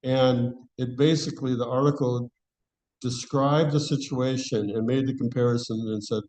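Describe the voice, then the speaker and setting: A man leads a scripture class with a mellow, warm voice. He talks to the audience conversationally and restarts his phrases as he thinks. His pitch sits in a middle range for a man. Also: steady tone, moderate pace, rough recording. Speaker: class speaker.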